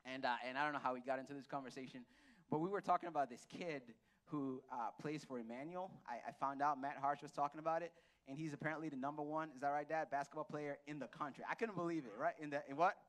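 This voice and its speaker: A man with a notably high voice delivers a conversational sermon in a church. He tells stories with acted-out dialogue and quizzes the congregation. His delivery is lively and informal. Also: quick pace. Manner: animated, storytelling with acted-out dialogue and audience questions. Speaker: pastor. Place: church hall.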